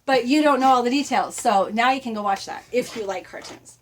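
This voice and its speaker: Middle-aged woman vlogging, kinda high voice, chatty and animated, laughs a lot, acts out little quotes. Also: brisk, a little hiss or hum. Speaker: motivational vlogger. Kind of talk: casual motivational talk.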